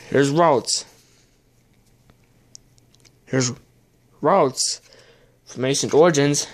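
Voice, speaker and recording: A young adult talks slowly and unhurriedly through a pack-opening video, mumbling half to themself. Frustration keeps spilling out as swearing between remarks about each card. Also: mid-range voice. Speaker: video host opening trading card packs. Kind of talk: casual unboxing commentary.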